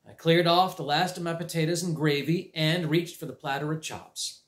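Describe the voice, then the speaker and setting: A man's voice: a little high, fairly even intonation, normal speed. A man reading a chapter book aloud for a library, narrating in a folksy drawl. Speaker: library read-aloud reader. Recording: roomy echo.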